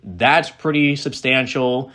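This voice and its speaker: A man's voice: medium pitch, takes it slowly, bright, forceful tone. A man giving casual reaction commentary on a political speech, ranting in a sarcastic, profane, exasperated way.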